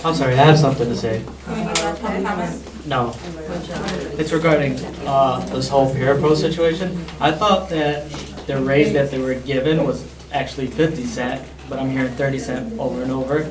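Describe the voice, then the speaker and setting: A man's voice: medium pitch, steady tone, moderate pace, echoey room, distant mic, a crowd in the background. A man at a board meeting insisting on speaking, in unscripted remarks. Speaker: audience member at board meeting.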